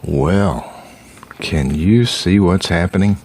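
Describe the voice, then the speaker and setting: A man's voice: low-pitched, slow pace, darkish tone, breathy edge. An older grandfather reading a picture book aloud, stopping to ask the child about the pictures.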